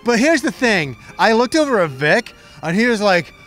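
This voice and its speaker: Very high-voiced, lively man teasing his co-host. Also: soft background music. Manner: playful, teasing, quick interjections. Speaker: film review co-host. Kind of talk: casual movie review chat.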